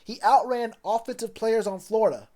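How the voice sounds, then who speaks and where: A man's voice: high-pitched, moderate pace, darkish tone. Man, casual stream chat, rambling, filler-heavy. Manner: loose, rambling, lots of fillers. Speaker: sports streamer.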